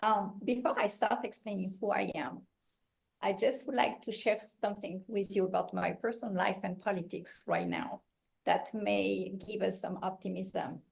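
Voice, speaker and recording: At a meeting, a woman running for local office delivers a campaign speech that's impassioned, blunt and full of jokes. Her mid-range voice is creaky, with a steady tone at normal speed, and the meeting room echoes.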